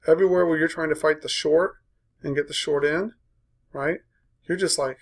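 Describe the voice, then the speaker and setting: A man's voice: on the high side, fairly even intonation, a little fast, creaky. A man coaching a live trading room, walking through a chart in short punchy phrases and checking in with "right?" after each point. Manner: walks through a chart aloud.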